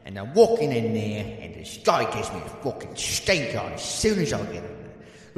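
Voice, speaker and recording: Rambling crude storyteller. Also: male voice, on the low side, big pitch swings, normal speed. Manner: rambling, filler-heavy, crude. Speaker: comedian telling a story. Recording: echoey room with long reverb.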